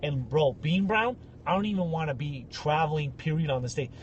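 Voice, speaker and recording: A man's voice: fairly high pitch, fairly quick, highs cut off, slight background noise. A man co-hosting a podcast, telling a story in a casual rant and acting out the people in it. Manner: animated, acts out voices in stories. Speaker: podcast co-host.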